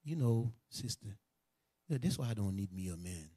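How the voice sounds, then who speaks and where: A man voicing a gossiping woman in the congregation, speaking in a soft, low, confiding murmur. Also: lively intonation, unhurried, breathy edge, no room sound, studio quality.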